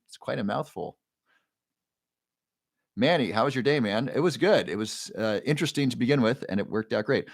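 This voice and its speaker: A man of forty hosting a casual livestream, reading viewer comments aloud and greeting each by name in an upbeat way. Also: mid-range voice. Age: 40s. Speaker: livestream host.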